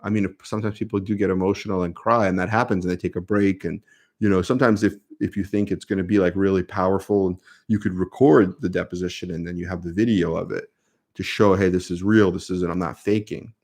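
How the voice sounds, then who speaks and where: A man's voice: sits low, fairly even intonation, fast, darkish tone. A man with a New York accent, a lawyer answering viewer questions on a casual live stream, speaking conversationally with many fillers.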